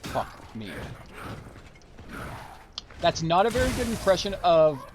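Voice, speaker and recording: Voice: medium pitch, big pitch swings, takes it slowly, noisy background. A streamer chatting casually while playing a game, rambling and joking sarcastically. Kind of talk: casual live game commentary.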